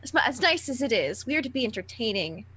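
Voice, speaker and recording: A young adult woman playing a tabletop role-playing game, making deliberate, defiant in-character declarations. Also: on the high side, sing-song, pushed and bright, slightly rough. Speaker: player.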